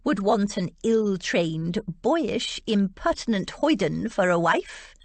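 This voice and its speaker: A woman's voice: medium pitch, big pitch swings, slow, no room sound, full character voice. A woman voicing a bossy, sardonic elderly aunt in an audiobook, haughty and cutting. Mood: smug.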